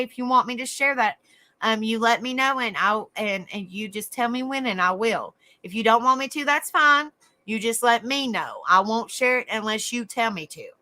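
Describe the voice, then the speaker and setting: A woman's voice: a little high, sharp tone. A young woman with a Southern US accent, from South Carolina and raised in Tennessee, chatting with livestream viewers and calling them honey and darling. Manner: chatty, endearing terms like honey and darling, frequent restarts. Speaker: livestream host. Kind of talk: casual live chat with viewers.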